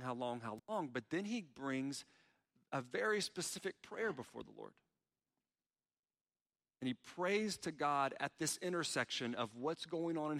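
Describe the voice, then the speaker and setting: Man, pastor, sermon, earnest, forceful bright voice, long hall reverb. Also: medium pitch. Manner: earnest, pleading when quoting prayers.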